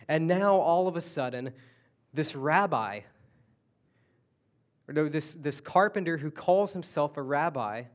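A man preaching a sermon, telling the story conversationally with restarts and asides. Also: on the high side. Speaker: pastor.

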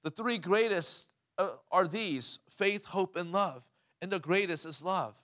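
Male pastor mid-sermon, emphatic, fairly high voice. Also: unhurried, fairly bright tone. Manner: emphatic, asks the crowd questions, calls "Amen?".

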